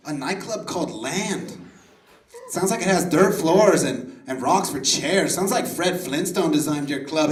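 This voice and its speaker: A man's voice: a little high, animated, a little slow, recorded from a distance. A male comedian doing a flamboyant, campy nightclub-owner bit in a comic debate at a pub. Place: pub stage with a live audience. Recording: roomy live recording from off-mic, audience noise.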